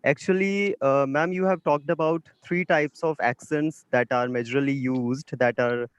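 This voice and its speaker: A man's voice: fairly high pitch, fairly even intonation, measured pace, clean tone, no room sound, dull audio. A young man with an Indian English accent asking a question over a video call, hesitant and full of fillers.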